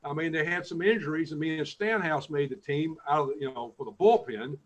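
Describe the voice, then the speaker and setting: A man co-hosting, a former pitcher, asking questions haltingly with many fillers. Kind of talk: casual interview questions. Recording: dull lo-fi audio with faint noise.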